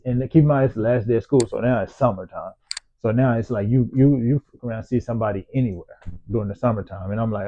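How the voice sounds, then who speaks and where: A man's voice: medium pitch, fairly quick. A man telling a story from his own life in a loose, profane, slangy way. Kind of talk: casual personal storytelling. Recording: tinny phone-like sound.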